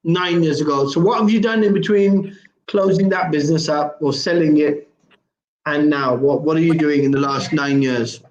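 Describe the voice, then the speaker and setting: A man's voice: on the high side, moderate pace, highs cut off. A male radio host interviewing a caller, pressing with repeated questions. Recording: roomy studio echo.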